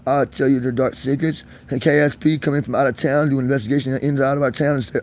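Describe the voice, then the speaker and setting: A man's voice: mid-range voice, steady tone, fast talker, hardly any pauses, a little mellow. A man with a speech impediment, ranting angrily in a vlog. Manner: agitated, angry ranting. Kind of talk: vlog rant.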